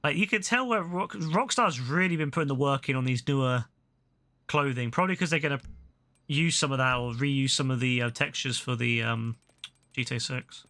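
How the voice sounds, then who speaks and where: A man's voice: mid-range voice, normal speed, bright, forceful tone. A young man live-streaming a video game, talking casually with lots of swearing and mock-outraged banter.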